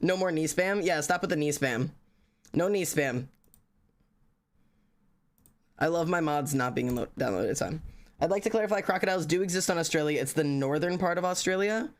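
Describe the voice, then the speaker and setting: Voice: medium pitch, expressive, brisk. A tired streamer, chatting casually on a live stream, rambling, joking and swearing a lot. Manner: profane, rambling, jokey.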